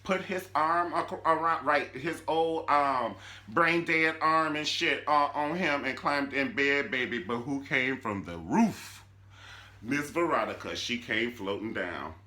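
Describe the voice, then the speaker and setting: A man hosting a comedic TV recap, telling the story in an animated, sassy way. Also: mid-range voice, measured pace. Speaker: YouTube show recap host.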